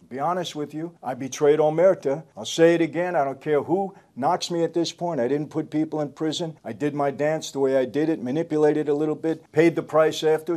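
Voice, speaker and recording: A man's voice: fairly high pitch, a little mellow. An older man hosting his own show, telling stories in a casual way and repeating phrases for emphasis. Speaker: host. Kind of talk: casual storytelling commentary.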